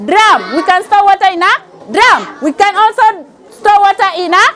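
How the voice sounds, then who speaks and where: A woman's voice: extremely high pitch, big pitch swings, normal speed, background noise. A woman with a Kenyan accent teaching a pre-primary class, calling out questions and having the children repeat answers. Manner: call-and-response, mixes in Swahili phrases.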